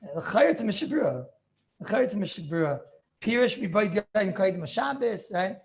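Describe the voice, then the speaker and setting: A man's voice: sits high, big pitch swings, fairly quick, vocal fry. A man teaching a class as a rabbi, lecturing on religious law, emphatic and thinking aloud as he questions his students over a video call.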